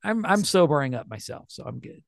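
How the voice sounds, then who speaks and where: A man's voice: fairly high pitch, very animated, a little fast, vocal fry, no echo, clean studio sound. A man co-hosting a casual chat, joking, laughing often and doing silly quoted voices. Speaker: podcast co-host.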